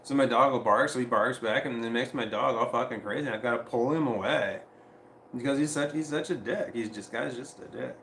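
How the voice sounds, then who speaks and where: A man telling a long story on a casual livestream, rambling and profane, with frequent restarts and quoting others in animated voices. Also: mid-range voice, a little fast, echoey room, slight background noise.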